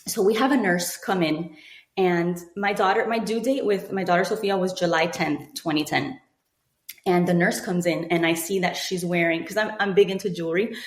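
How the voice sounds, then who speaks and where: A woman in her thirties, a podcast guest telling a personal story with animated delivery, acting out what other people said. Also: on the low side, moderate pace. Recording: echoey room.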